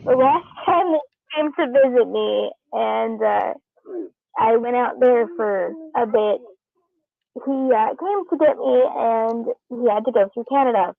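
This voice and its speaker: A woman's voice: a little high, unhurried, gravelly, no echo. A woman co-hosting a casual chat, teasing and laughing often, heard over a tinny phone-like line. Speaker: podcast co-host.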